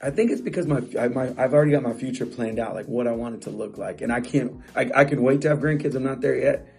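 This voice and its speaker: Emphatic husky-voiced male coach. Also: medium pitch, quick pace, darkish tone, faint music behind. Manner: emphatic, repeats phrases, frequent restarts. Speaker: real estate coach. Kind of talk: motivational talk to camera.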